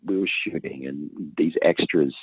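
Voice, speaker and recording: A man with a rumbling low voice and a breathy edge tells stories casually as an interview guest, at normal speed. He rambles, interrupts himself, restarts sentences and laughs along. The audio is dry and phone-like, with no room sound.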